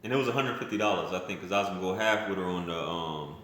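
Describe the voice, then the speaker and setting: A man's voice: deep voice, very fast, a bit bright. A man telling a personal story in a casual vlog, blunt and rambling, often restarting his sentences and using slang. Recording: very echoey room.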